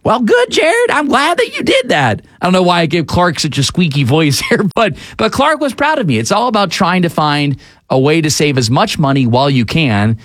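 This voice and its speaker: A man's voice: fairly high pitch, very animated, brisk, dry recording. A man hosting a talk show, giving casual, opinionated commentary on the news with frequent fillers. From Atlanta area, USA.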